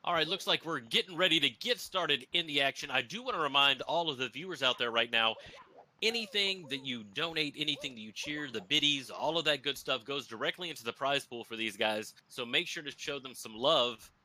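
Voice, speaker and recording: A man's voice: mid-range voice, animated, brisk, bright, forceful tone. A man commentating a live speedrun race, upbeat and hyping up the viewers. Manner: upbeat, hype-building, talks to chat and runner.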